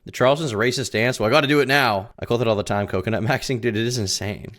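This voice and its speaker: A young man reacting to clips on a live stream, sarcastic and jumping into loud, incredulous yelps. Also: mid-range voice, fast, hardly any pauses. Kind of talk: casual reaction stream commentary.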